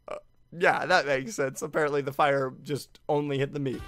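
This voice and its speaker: A man giving casual reaction commentary on an anime finale, excitable and often laughing. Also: medium pitch, a little fast, dry recording. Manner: excitable, laughing, with frequent restarts.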